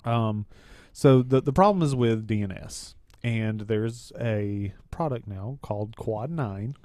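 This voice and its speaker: A man's voice: fairly low pitch, slow, a little mellow, no room sound, clean studio sound. Hesitant man co-hosting a tech show. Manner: hesitant, lots of ums and restarts. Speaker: co-host. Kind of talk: casual tech talk.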